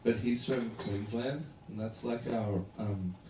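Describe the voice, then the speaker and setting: A man's voice: lowish voice, a little slow, dark tone. An Australian man doing a loose, rambling roast set on a comedy club stage, peppering everything with man and dude. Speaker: stand-up comedian. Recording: echoey club room, distant mic, background noise. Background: audience laughter.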